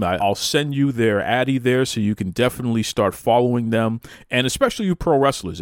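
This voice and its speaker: A man hosting a podcast, chatting casually in animated, mock-outraged banter. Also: medium pitch, no room sound, studio quality. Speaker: podcast host. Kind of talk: casual chat.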